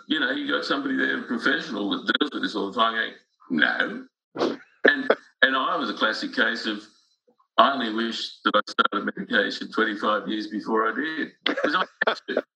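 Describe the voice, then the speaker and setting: A man's voice: medium pitch, brisk, creaky, sharp tone, low-quality recording. A middle-aged man in casual conversation, telling stories earnestly with frequent restarts.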